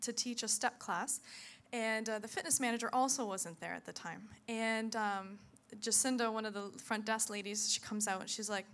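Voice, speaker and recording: Bright-voiced woman telling a lively testimony. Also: fairly high pitch, normal speed. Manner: animated storyteller, acts out voices, laughs often. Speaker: church speaker. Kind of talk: sermon testimony to a congregation.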